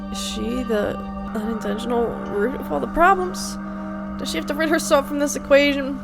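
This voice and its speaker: A woman's voice: high-pitched, normal speed, gravelly. A young woman reacting to a horror film for the first time, anxious and jumpy, gasping and muttering. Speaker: movie reaction host. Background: film soundtrack music.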